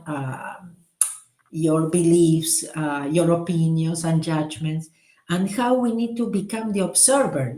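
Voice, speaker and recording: A middle-aged woman guides listeners through a recited prayer, then talks casually and gently. Her voice sits a little low and sounds mellow and relaxed. The room around her adds a clear echo. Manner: soft-spoken, warm-hearted, laughs at own slips. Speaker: spiritual teacher. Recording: echoey room.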